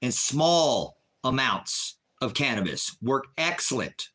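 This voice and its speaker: A man's voice: mid-range voice, sing-song, slow pace, bright, forceful tone, breathy edge. A man from Oregon hosting a livestream, talking in an emphatic, repetitive, argumentative way to his chat. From Oregon, USA. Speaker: livestream host. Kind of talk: casual livestream rant.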